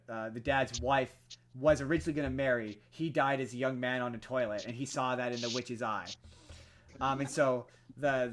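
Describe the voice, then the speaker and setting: A young man co-hosting a podcast, telling a film story in casual chat, full of fillers and restarts and growing animated as he goes. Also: medium pitch. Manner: rambling with many fillers and restarts, animated when excited. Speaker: podcast co-host.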